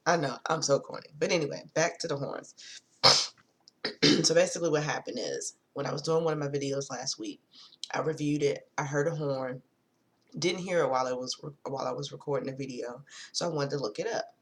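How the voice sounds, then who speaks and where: Woman, casual vlog, chatty, wanders off topic, apologizes, reads notes aloud. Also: low voice. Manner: reads notes slowly, rereads long sentences. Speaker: spiritual vlogger.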